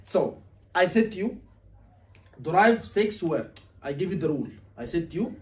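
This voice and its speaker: A man teaching a surgery exam class, animated and asking his students questions often, acting out patient lines. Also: on the high side, fast. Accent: Liverpool. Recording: voice from a distance.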